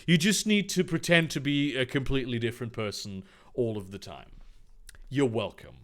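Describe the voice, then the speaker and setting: A man's voice: medium pitch, expressive, moderate pace. A man reading a fan fiction aloud in a comedic read-through, with sarcastic, mocking asides and frequent stumbles.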